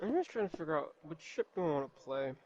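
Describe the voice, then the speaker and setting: A man's voice: a little high, sing-song, fast talker, a little mellow, dull audio, a little hiss or hum. A man chatting casually on a stream, telling a story animatedly and laughing often. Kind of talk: casual chat.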